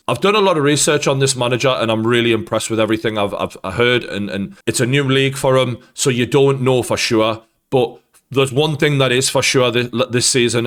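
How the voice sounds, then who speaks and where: A man's voice: medium pitch, a bit bright. A man giving an angry post-match football rant as host, swearing heavily. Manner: angry, heavy swearing, ranting.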